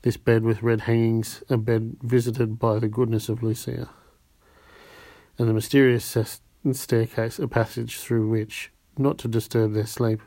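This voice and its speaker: A man voicing a calm, insinuating count as he reads a novel aloud. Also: fairly low pitch, dry recording.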